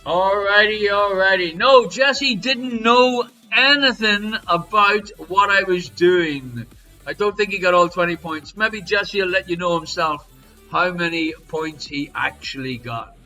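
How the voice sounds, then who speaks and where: A man hosting a live-streamed online quiz from home, reading questions and answers with jokey, showy patter and sudden loud calls. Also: high-pitched, a little slow, soft background music, low-quality recording. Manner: jokey, showy quizmaster patter with big swings in loudness. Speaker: quiz host.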